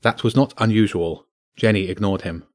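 Low-voiced man reading a children's story. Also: moderate pace, no echo, studio quality. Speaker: narrator.

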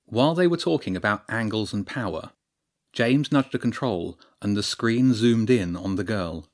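A man narrating a story in a steady storytelling voice. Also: on the low side, normal speed. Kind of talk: scripted narration.

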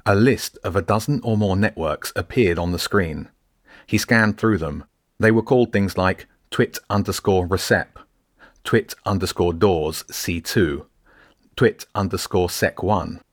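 A man reading his own novel aloud as an audiobook, in a measured, steady way. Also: low voice, no echo, clean studio sound. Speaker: author reading own book. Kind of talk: audiobook narration.

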